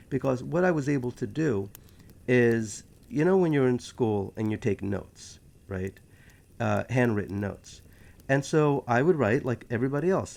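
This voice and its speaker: A man with a New York accent talks straight to his viewers in a loose, rambling monologue. His voice has a gravelly grain, and he keeps tossing in joking asides as he goes. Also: medium pitch, a little mellow. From New York City. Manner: chatty, joking, self-aware asides. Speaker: history channel host.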